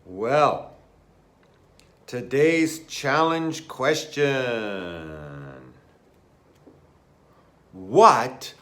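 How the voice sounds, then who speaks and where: A man who teaches English reading a storybook aloud to children, slowly and expressively. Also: a little high. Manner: slow, expressive, animated.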